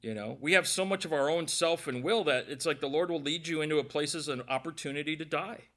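A man's voice: a little high, fairly quick, fairly bright tone. A middle-aged man preaching a conversational sermon to a church gathering, telling personal stories with jokes and speaking directly to the congregation. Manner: jokey storytelling, addresses the congregation directly.

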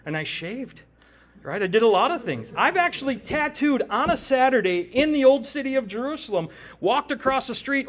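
A man in his forties preaching a sermon with personal testimony, talking conversationally and animatedly and often checking in with "right?". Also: very high-pitched. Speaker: preacher and tattoo artist.

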